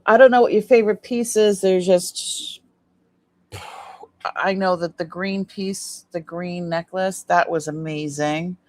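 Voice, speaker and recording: A woman's voice: lowish voice, fairly even intonation, unhurried. A sleepy woman chatting casually on a live stream as she shows off jewelry, rambling and trailing off with fillers. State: sleepy, yawning.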